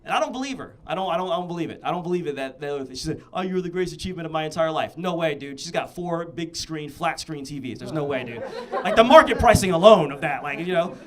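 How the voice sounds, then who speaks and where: A male stand-up comedian performing a set, telling animated stories that build into shouted rants. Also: on the high side, fast, hardly any pauses.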